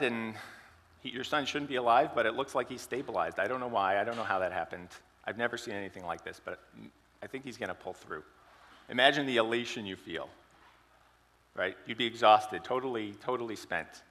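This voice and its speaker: A man's voice: fairly low pitch, a little fast, bright, forceful tone, in a large hall. A man giving a sermon, telling an illustrative story and asking the congregation questions. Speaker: preacher.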